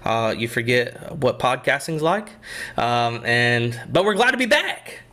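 A young man co-hosts a relaxed podcast. He rambles through stories, pokes fun at himself and laughs easily, with a pitch that moves up and down a lot. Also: measured pace. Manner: rambling, self-deprecating, laughs often. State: a bit out of breath. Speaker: podcast co-host and youth pastor. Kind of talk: casual podcast chat.

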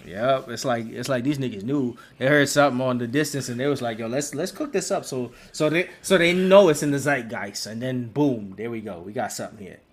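A man's voice: medium pitch, fairly quick, hardly any pauses. A man co-hosting a podcast in casual chat, slangy and profane, laughing often. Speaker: podcast co-host.

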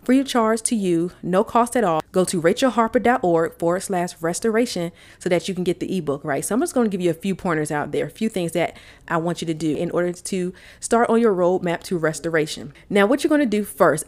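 A woman's voice: mid-range voice, darkish tone. A woman speaking as a wellness coach in motivational coaching talk, earnest and firing off rhetorical questions. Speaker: wellness coach and podcast host.

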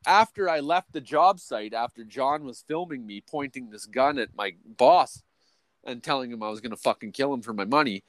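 Spinning a long, rambling story on a podcast he co-hosts, a man swears in nearly every line, trips over restarts, and keeps saying "or whatever, right." His middle-pitched voice is expressive at normal speed and climbs much higher and louder when he quotes others. The sound is close and dry, with no room echo.

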